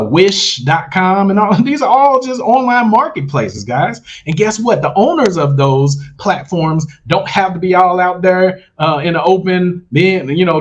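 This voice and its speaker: A man's voice: high voice, lo-fi sound. A man hosting a casual livestream, giving a hyped, salesy pep talk straight to his viewers, full of slang and repeated phrases for emphasis. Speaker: host of an online money-making livestream.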